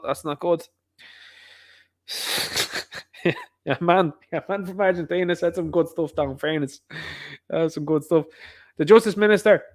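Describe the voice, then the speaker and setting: Guy on his livestream, rambling on, keeps repeating little asides, voice a bit high. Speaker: livestream host. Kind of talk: casual livestream commentary.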